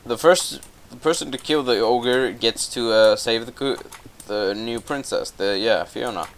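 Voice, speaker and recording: A man's voice: mid-range voice, measured pace, slight background noise, lightly acted. A young man quoting a pompous, scheming male lord who barks orders, in his own casual voice. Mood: bossy. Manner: bossy, announcing.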